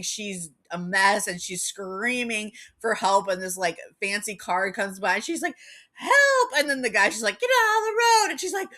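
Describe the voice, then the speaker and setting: A woman's voice: mid-range voice, pushed and bright. A woman vlogging in a casual chat, rambling and giggly, filling her talk with "like". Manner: rambling, giggly, heavy use of "like".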